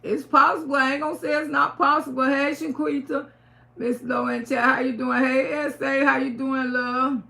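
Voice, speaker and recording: Middle-aged woman, live-stream host, casual chat, blunt and profane, bright edgy tone. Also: sits high, little pitch movement, moderate pace, vocal fry. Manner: blunt, profane and emphatic, repeating phrases.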